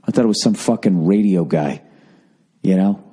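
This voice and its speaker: A man hosting a casual solo podcast from his home in the early morning, rambling and profane, keeping his voice hushed so he won't wake the house. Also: sits low, moderate pace, husky. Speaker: podcast host.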